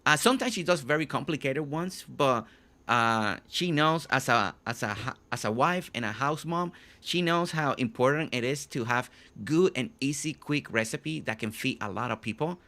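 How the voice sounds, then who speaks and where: A man's voice: mid-range voice, animated, moderate pace, bright, forceful tone. A man hosting a live game stream, chatting casually with viewers, often repeating and restarting his phrases.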